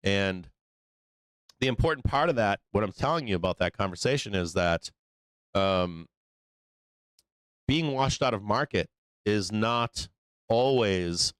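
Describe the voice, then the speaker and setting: A man's voice: on the low side, lively intonation, measured pace, pauses often, a bit bright, clean tone, no echo. A man hosting a live trading show, telling a long story in a rambling, profane way full of fillers. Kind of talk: casual live-stream talk.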